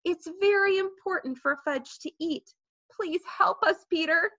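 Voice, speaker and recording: A woman's voice: high-pitched, big pitch swings, unhurried, pushed and bright, dry recording, heavily acted. A woman doing a pleading, anxious mother. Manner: pleading, coaxing. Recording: dull lo-fi recording.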